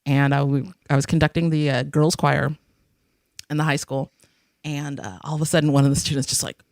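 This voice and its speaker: A young woman hosts a podcast, casually recapping an episode as she rambles and giggles through acted-out quotes. Her deep, darkish voice is steady and a little fast, captured in a dry, clean studio recording.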